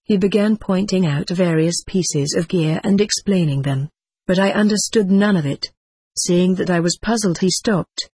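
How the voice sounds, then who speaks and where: A woman reading a first-person memoir aloud as an audiobook narrator, in a measured, descriptive way. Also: lowish voice, a little mellow, breathy edge, no echo.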